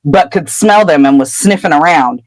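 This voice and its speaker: A woman's voice: low-pitched, moderate pace, poor audio. A woman podcast host casually retelling a book chapter in a chatty way. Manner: chatty, breaks into character voices.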